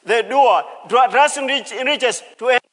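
High-voiced pastor preaching in a hall. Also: male voice, moderate pace, a bit bright. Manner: emphatic, repeats key phrases, calls out to the congregation. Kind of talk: sermon. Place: church hall.

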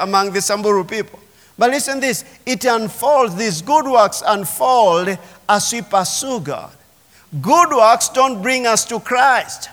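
A man's voice: high-pitched, fairly bright tone. A man preaching a sermon as pastor, emphatic and calling on the congregation to respond. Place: church sanctuary. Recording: long reverb of a large hall.

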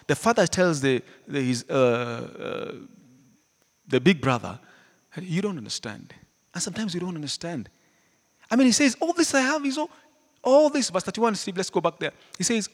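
A man preaching a sermon, animated, swinging between loud emphatic lines and hushed ones, often laughing. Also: sits high, normal speed, long pauses. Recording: hall reverb.

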